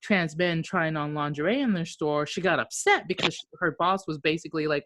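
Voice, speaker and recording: A low-pitched woman from Okinawa, Japan, co-hosts a podcast, telling stories in casual chat at a normal speed with few pauses, swearing freely and acting out the voices of people she quotes. Her voice is a bit bright, and there's a little hiss or hum.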